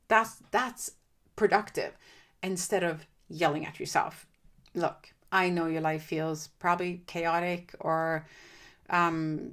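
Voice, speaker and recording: Woman, podcast coach, lowish voice, calm and reassuring, talks straight to the listener. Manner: gentle, reassuring, speaks directly to the listener. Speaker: podcast host and divorce coach. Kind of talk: solo podcast talk, coaching advice.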